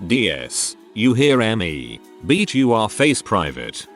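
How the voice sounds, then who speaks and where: A man voicing a gruff male drill sergeant who barks clipped orders at recruits. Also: lowish voice, big pitch swings, slow, fairly bright tone, soft background music, heavily acted. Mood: barking.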